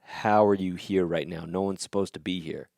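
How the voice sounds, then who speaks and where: A man voicing a grim, curt red-haired warrior in a casual podcast retelling, in his own low voice. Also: fairly even intonation, normal speed, vocal fry, darkish tone, no room sound, studio quality. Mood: urgent. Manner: curt, blunt.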